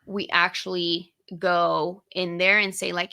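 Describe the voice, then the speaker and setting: A woman's voice: fairly low pitch, level tone, slow pace, gravelly, bright, forceful tone, clear, resonant tone. A young woman co-hosting a podcast, talking candidly and casually, swearing now and then as she retells personal moments. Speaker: podcast co-host. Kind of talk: casual conversation.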